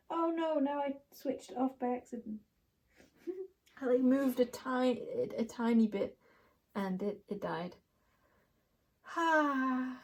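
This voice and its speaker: Young woman, slightly high voice, playful rambling card reader, lots of giggles. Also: darkish tone. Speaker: tarot reader. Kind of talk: casual card reading chat.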